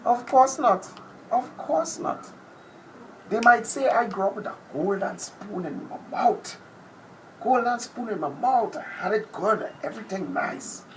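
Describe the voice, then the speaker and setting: Man putting on a boastful TV personality, theatrical, wide swoops in pitch, noisy background. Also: animated, a bit bright. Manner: theatrical, drawn-out, dropping to whispers. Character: brash boastful male TV personality, self-proclaimed top predator.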